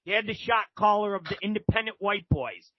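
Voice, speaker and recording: A man's voice: high voice, lively intonation, brisk, no room sound, muffled recording. A man guest telling a story casually and animatedly, swearing freely and acting out other people's lines. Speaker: podcast guest.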